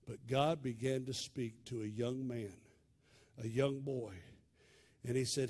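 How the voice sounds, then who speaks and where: A male pastor, preaching a sermon in a dramatic storytelling way that swings from loud to hushed. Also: medium pitch, steady tone, slow, husky.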